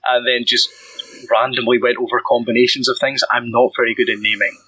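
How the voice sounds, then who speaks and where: A Scottish man talks as a podcast guest, his voice bright and forward. He jokes about himself in a dry, offhand way. The sound is close and dead, with no room around it. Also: medium pitch, little pitch movement, brisk, slightly rough, no room sound, rough recording. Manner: dry, self-deprecating humor. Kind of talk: casual podcast chat.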